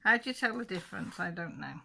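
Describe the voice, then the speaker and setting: A woman's voice: on the low side, expressive, fast, vocal fry, pushed and bright, a little hiss or hum. A woman hosting a channel, chatting casually and chuckling to viewers as she flips through a book. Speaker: channel host.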